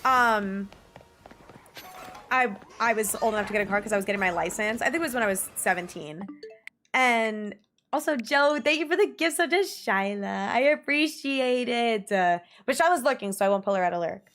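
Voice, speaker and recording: A young woman in her twenties streaming, chatting casually with viewers in a bubbly, giggly way, her pitch jumping up often. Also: moderate pace, a bit bright. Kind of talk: casual livestream chat reading viewer messages. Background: faint music.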